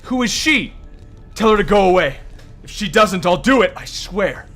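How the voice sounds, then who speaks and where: A man voicing an unstable, paranoid young woman in a game, shrill and accusing. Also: lively intonation, moderate pace, a bit bright, faint music behind. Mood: frantic. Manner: frantic, accusing. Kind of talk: reading game dialogue aloud.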